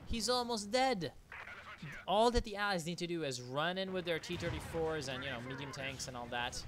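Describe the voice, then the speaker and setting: A man giving live commentary on a strategy game match, excitable and swearing freely, often breaking into laughter. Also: a little high, moderate pace, slight background noise. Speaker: game caster.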